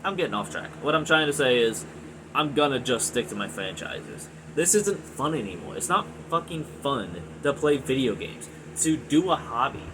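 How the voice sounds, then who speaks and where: Annoyed 20s guy ranting n cursing, average pitch, lots of "you know", humming noise behind him. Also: very animated, normal speed. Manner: profane, frustrated, rambling with many fillers. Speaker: gaming video reviewer. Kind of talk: angry ranting monologue.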